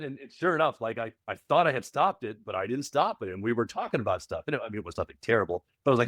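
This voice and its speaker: A man who coaches property managers, a podcast guest telling stories in a casual interview, animated and often repeating words as he restarts. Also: medium pitch, racing, hardly any pauses, no room sound, clean studio sound. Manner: animated, repeats words, acts out quoted voices.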